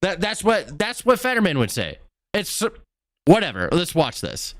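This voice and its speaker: A man's voice: high voice, huge pitch swings, normal speed. A man hosting political reaction commentary, talking bluntly and mockingly and swearing freely as he reacts to clips. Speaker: commentary host.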